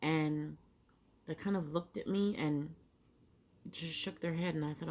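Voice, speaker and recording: A middle-aged vlogger chats casually over breakfast, talking while she eats and rambling through a story with many fillers and restarts. Her voice is deep and darkish, slow-paced with long pauses.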